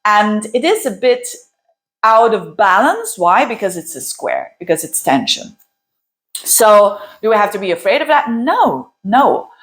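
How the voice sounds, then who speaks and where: A woman from Belgium, an astrologer, talking through a forecast in a casual, animated way, often restarting and repeating phrases for emphasis. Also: medium pitch, measured pace. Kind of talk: casual explanatory monologue.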